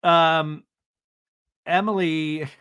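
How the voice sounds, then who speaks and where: A man's voice: on the high side, fairly even intonation, drawn-out words, fairly bright tone, clear, resonant tone, dry recording. A man hosting a podcast, chatting casually through a recap with playful asides. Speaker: podcast host.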